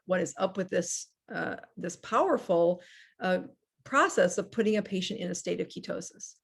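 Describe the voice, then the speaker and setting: A middle-aged woman physician telling stories in an interview, earnest and reflective, with restarts and the odd soft laugh. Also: medium pitch, gravelly. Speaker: physician guest. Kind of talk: casual interview storytelling.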